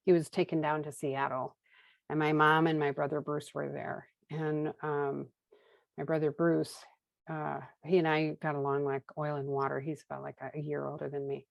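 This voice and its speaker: A woman in her fifties from Minnesota tells her own recovery story in a candid, wry way, acting out the dialogue she recalls. Her voice sits low with a gravelly edge, and the sound is dry and close. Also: little pitch movement, moderate pace, no room sound, poor audio. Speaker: guest sharing recovery story. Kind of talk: casual personal storytelling.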